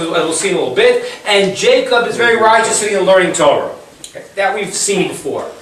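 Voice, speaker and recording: High-voiced man teaching in an echoey room. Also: fairly bright tone. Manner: chatty storytelling with rhetorical questions. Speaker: Torah teacher. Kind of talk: informal Bible class lecture. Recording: very echoey room, far from the mic, faint hiss.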